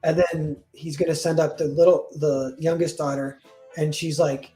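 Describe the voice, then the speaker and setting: A man's voice: on the high side, little pitch movement, moderate pace, mellow, faint music behind. A man casually retelling a fairy tale, rambling with lots of "like" and correcting himself as he goes. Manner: rambling, full of "like" and self-corrections. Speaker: storyteller.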